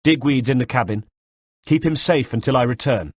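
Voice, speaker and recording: A male audiobook reader voicing an intense, forceful young swordsman. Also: mid-range voice, normal speed, husky, no echo, natural voice. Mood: commanding. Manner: forceful, shouting. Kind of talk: audiobook character voice.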